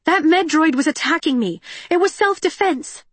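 Lady doing a stubborn teen girl yelling she did nothing wrong, high and urgent, dead dry sound. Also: expressive, slow pace, no room sound. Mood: protesting. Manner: urgent, pleading, raised in protest. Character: defiant teenage girl mechanic on the run.

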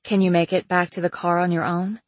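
A woman voicing a reserved, uneasy adult woman in an audiobook, speaking quietly and with restraint. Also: on the low side, level tone, fairly quick, dry recording, natural voice. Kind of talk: audiobook character voice.

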